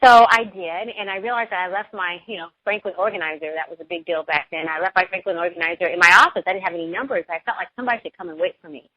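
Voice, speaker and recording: A woman's voice: on the low side, rapid-fire, hardly any pauses, no echo, dull audio. A middle-aged woman, a radio show guest, telling a personal story in an earnest, emotional way.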